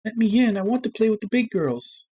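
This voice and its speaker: A man voicing a delirious, dying little girl with a high, childlike pleading voice. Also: animated, a little fast, a little mellow, husky.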